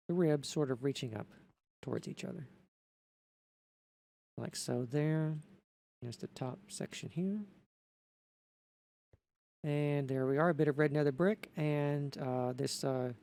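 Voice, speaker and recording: A man talking through a building tutorial in an unscripted voice-over, methodical and halting, often correcting himself. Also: a little high, creaky, darkish tone.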